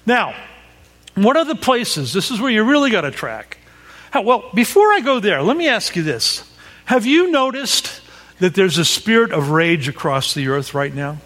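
A man's voice: sits high, sing-song, moderate pace, fairly bright tone. A man preaching a sermon, telling a personal story with asides to the audience and acting out the cries he quotes. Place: large hall with audience. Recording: long hall reverb.

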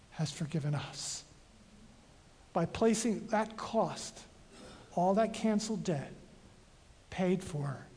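A preacher delivers a sermon in a large hall, and the voice carries a long, ringing reverb. The delivery is highly animated, with the pitch leaping up and down and sudden jumps from loud, dramatic readings to soft, casual asides aimed at the congregation.

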